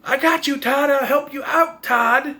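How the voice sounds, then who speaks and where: A man's voice: very high-pitched, measured pace, bright, forceful tone, pitched above the performer's own voice, full character voice. A man imitating a young woman frantically calling out and offering help, in a raised, pleading voice. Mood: frantic.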